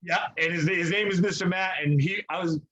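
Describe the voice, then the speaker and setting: On a podcast he co-hosts, a young guy chats casually, spinning rambling tales full of profanity and acted-out quotes. He has a high, steady, brisk voice, and the audio is dull with crowd noise behind it.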